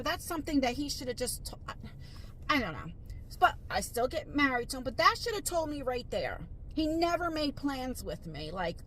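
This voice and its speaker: A woman's voice: high voice, fairly bright tone, a little hiss or hum, rough recording. Chatty middle-aged woman vlogging. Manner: chatty, rambling, confiding, many fillers. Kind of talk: casual vlog chat to camera. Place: car, then store aisles.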